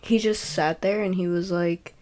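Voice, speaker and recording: A woman's voice: fairly low pitch, steady tone, moderate pace, darkish tone. Rambling young woman telling a story. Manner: rambling, frequent fillers and self-corrections, swears. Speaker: podcast host. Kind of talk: casual personal storytelling.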